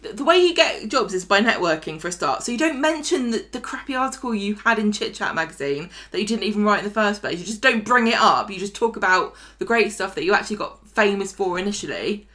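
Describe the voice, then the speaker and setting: A woman's voice: mid-range voice, lively intonation, quick pace, few pauses, pushed and bright. A woman co-hosting a chatty podcast, ranting and sarcastic. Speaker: podcast co-host. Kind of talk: casual chat.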